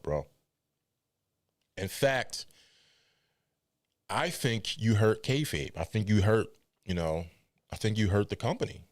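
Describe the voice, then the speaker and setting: A man with a somewhat low voice talks through wrestling news on his podcast. He is close to a dry mic with no room sound. His delivery is casual and animated, often incredulous. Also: takes it slowly, long pauses, no room sound. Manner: animated, incredulous, mock quoting.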